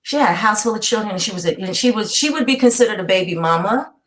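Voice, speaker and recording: A woman's voice: medium pitch, animated, fast. A middle-aged woman from New York with Southern roots, a guest in a casual chat who tells stories emphatically and keeps asking "okay?". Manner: emphatic storyteller, rhetorical "okay?".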